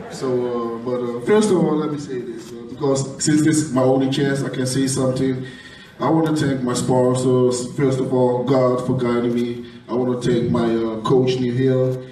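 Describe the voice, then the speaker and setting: A man's voice: mid-range voice, darkish tone. A man, a bodybuilding competitor, giving emotional and rambling press conference answers, swearing freely. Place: large echoey hall at a press conference. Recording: echoey room recorded from far off, crowd noise. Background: crowd murmur and laughter.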